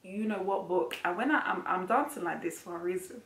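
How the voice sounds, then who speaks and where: A woman hosting a cooking channel, chatting in a casual vlog review, bubbly and excitable with slangy asides. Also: fairly low pitch, fairly quick, slight background noise. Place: home kitchen. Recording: echoey room.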